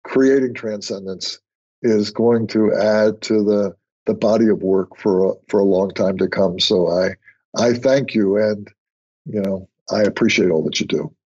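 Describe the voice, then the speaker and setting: An older man, a podcast guest, chatting casually and telling stories with lively quoted dialogue. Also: on the low side, a little slow, slightly rough. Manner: storytelling, animated when quoting others. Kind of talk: conversational interview. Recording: muffled lo-fi remote audio.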